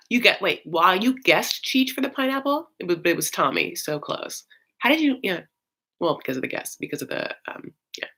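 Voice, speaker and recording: Chatty woman with a bright voice. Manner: chatty, swoops high and low, frequent fillers; campy, calls listeners honey. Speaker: host. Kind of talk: casual chat.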